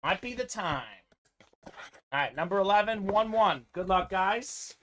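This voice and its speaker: A man's voice: sits high, lively intonation, unhurried, a bit bright. Upbeat man hosting a live card break. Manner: upbeat, running commentary on teams and players.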